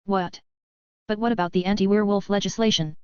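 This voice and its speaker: A woman voicing a tired, guarded young male wizard professor in an audiobook, speaking softly. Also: mid-range voice, fairly even intonation, fast talker, clear, resonant tone, dry recording, close to an everyday voice. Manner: guarded, tired and soft-spoken. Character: weary, gentle male wizard professor, young but ailing. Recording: dull, muffled audio.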